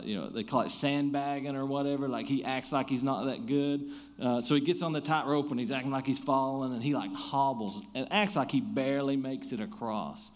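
A man delivers a sermon as a pastor, his voice sitting in an ordinary middle pitch. He tells the story with animated emphasis and turns quiet and soft when he prays.

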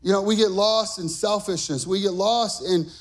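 A pastor preaching a sermon, his voice climbing into shouted, half-sung phrases. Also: high-pitched, moderate pace.

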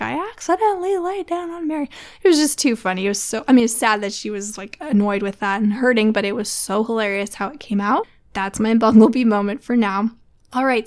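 Upbeat mom podcast host, slightly high voice. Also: female voice. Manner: warm, encouraging, chatty with laughs. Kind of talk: casual solo podcast talk.

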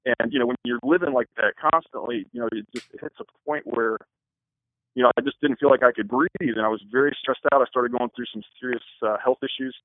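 A man's voice: medium pitch, lively intonation, fast talker, gravelly, no room sound. A man on a thin, phone-like line, talking in an earnest, rambling way. He answers interview questions casually as a wedding photographer. The sound is dry and close, with no room around it.

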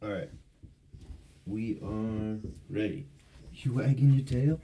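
A man, the host of a podcast, chatting in baby talk to his pet dog in a studio, his voice swooping up into high squeals. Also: slow pace, pauses often, dark tone. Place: recording studio.

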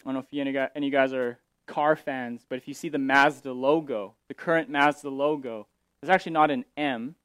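A man's voice: mid-range voice, steady tone, a little fast, a bit bright, clear, resonant tone, no room sound. Man preaching a casual sermon. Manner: explanatory, paraphrasing scripture with frequent restarts. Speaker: pastor.

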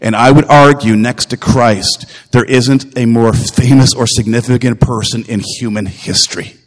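A man's voice: mid-range voice, fairly even intonation, moderate pace, in a large hall. A man preaching a sermon as pastor, earnest and emphatic, repeating phrases and putting direct questions to his listeners.

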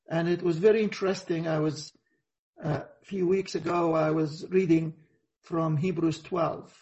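Male preacher, high-pitched, earnest and halting, dull lo-fi video-call sound. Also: steady tone, a little mellow. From Egypt. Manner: earnest, reflective, halting with frequent pauses. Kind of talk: sermon over a video call.

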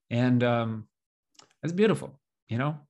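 A man's voice: medium pitch, animated, slow, creaky, a little mellow. A young man co-hosting a podcast, chatting casually, rambling with lots of fillers and little laughs. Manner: rambling, self-deprecating, laughs often, many fillers. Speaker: podcast co-host.

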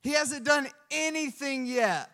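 A man preaching a sermon as pastor, telling stories with lively swings from hushed asides to loud emphasis. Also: extremely high pitch, unhurried, big-room sound.

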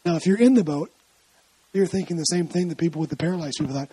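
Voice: medium pitch, brisk, darkish tone, husky, dry recording, rough recording. A preacher giving a conversational sermon, telling scripture stories in a chatty way and often asking rhetorical questions. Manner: asks frequent rhetorical questions; explains scripture in a chatty, storytelling way.

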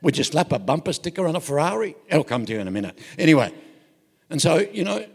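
An older Australian preacher tells homespun stories with jokes and frequent self-interruptions. His somewhat high voice is gravelly and husky and swoops up and down with energy. The sound rings with a long echo, as in a large hall. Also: lively intonation, fast talker. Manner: folksy and joking, with self-interruptions. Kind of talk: anecdotal sermon.

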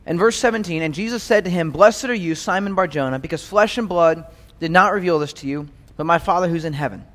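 A man's voice: sits high, fairly bright tone. A man leading an evening Bible study as pastor, in an easy conversational manner, often checking in with "right?". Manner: conversational, keeps asking "right?". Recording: long reverb of a hall.

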